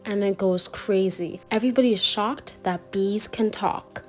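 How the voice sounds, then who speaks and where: A woman's voice: medium pitch, unhurried, few pauses, faint music behind. A young woman narrating a comedic movie recap in a crude, sarcastic, mocking way.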